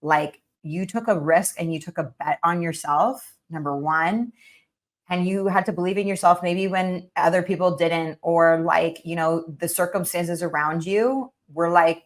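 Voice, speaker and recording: A woman hosting a podcast in casual conversation. Her voice sits a little low, and she talks in a warm, cheering way, full of "like" and "you know". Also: steady tone, measured pace. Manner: encouraging, effusive, heavy use of "like". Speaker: podcast host. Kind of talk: casual interview chat.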